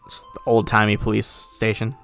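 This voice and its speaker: Gravelly male game master, rambling. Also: lowish voice, moderate pace, soft background music. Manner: relaxed, rambling with fillers. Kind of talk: narrating a tabletop game.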